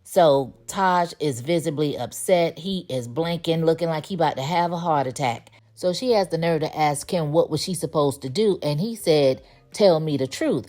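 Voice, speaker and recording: A woman with a notably low voice walks through a TV episode in a relaxed, conversational recap. She tells the story in a chatty way and drops in sassy little asides as she goes. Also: moderate pace, hardly any pauses, soft background music. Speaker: TV show recap reviewer. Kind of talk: casual spoken episode recap.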